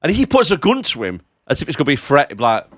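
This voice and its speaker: A man's voice: on the high side, wildly swooping pitch, racing, no echo, studio quality. A man co-hosting a film podcast, laid-back and sarcastic while recapping scenes. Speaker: podcast co-host. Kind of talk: casual film review chat. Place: home office.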